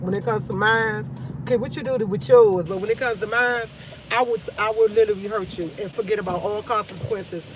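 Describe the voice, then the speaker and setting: A tired woman hosts a casual live stream, venting emphatically and repeating herself. Clear vehicle noise runs under her voice the whole time. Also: on the low side. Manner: emphatic, repetitive venting with swearing.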